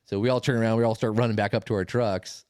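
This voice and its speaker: A man co-hosting a podcast, telling a story in a casual, animated way, swearing often. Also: on the low side, quick pace, clean tone, no room sound, studio quality. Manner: swearing, animated retelling with laughs. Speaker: podcast co-host.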